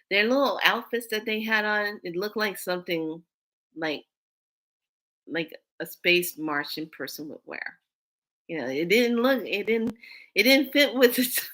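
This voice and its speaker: A lowish-voiced woman runs her own spiritual channel and tells a personal story there, animated and casual, moving from loud moments to hushed asides.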